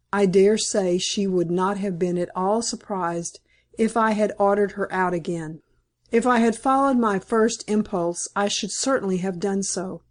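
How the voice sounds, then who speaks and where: Reading a classic novel aloud for an audiobook, a woman with a mid-range, slightly mellow voice keeps a composed, measured delivery.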